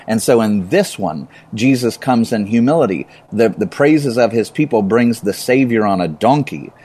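A man who has taught middle and high school, explaining Bible passages in conversation and building up to emphasis by repeating words. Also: animated, normal speed, darkish tone, husky. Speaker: Bible teacher.

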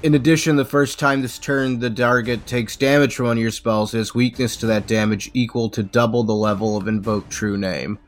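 A man's voice: medium pitch, steady tone, brisk, hardly any pauses. Male player, casual, profane, mid-range voice. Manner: casual, profane, explaining rules. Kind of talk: casual tabletop play.

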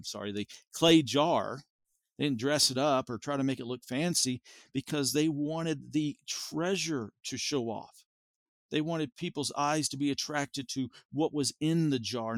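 A man's voice: mid-range voice, no echo. Man explaining scripture in a dry room. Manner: thoughtful, explanatory, stops to restate and correct himself. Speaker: podcast host teaching on scripture. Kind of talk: informal Bible teaching.

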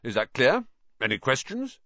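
A man voicing an intense, obsessive teenage team captain who talks loud and urgent, often shouting. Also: mid-range voice, very animated, moderate pace, no echo, voice pushed up. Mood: stern. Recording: dull lo-fi dry recording.

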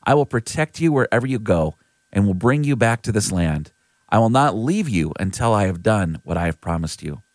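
A man reading aloud the words of God making a solemn promise, in a steady, measured way. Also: on the low side, no room sound.

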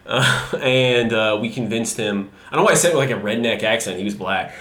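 A man's voice: medium pitch, a little fast, fairly bright tone. A man telling a long, rambling story in casual podcast chat, swearing freely and laughing often. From Los Angeles. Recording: roomy echo.

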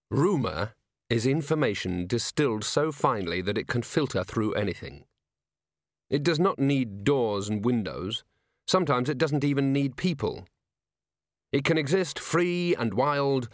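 A man narrating a comic fantasy novel in a measured, wry manner. His voice sits at a middle pitch, recorded close and dry with no room sound. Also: dry recording. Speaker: audiobook narrator. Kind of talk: scripted narration.

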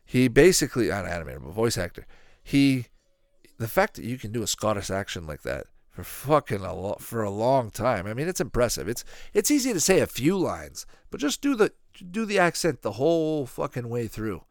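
A man giving casual, rambling reaction commentary on a cartoon as he watches it, with profane, animated asides. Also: mid-range voice, moderate pace, no echo, clean studio sound.

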